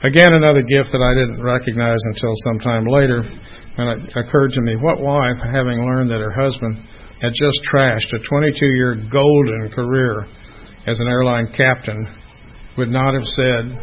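A middle-aged man, a former airline captain, telling his own story to an audience in a halting, earnest way. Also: mid-range voice, steady tone. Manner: halting, earnest, with pauses and restarts. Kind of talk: personal testimony talk. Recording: slightly dull audio with faint noise.

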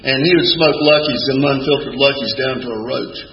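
A man's voice: medium pitch, steady tone, a little fast. An older man, telling his story at a recovery meeting in a wry, folksy way with dry punchlines. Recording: echoey hall with dull lo-fi sound and faint room noise.

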